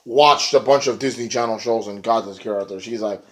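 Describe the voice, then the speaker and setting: A man's voice: lowish voice, fairly quick, hardly any pauses. A young man reviewing a wrestling show in loose, rambling chat with lots of swearing and fillers. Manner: rambling, profane, filler-heavy. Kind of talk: casual chat.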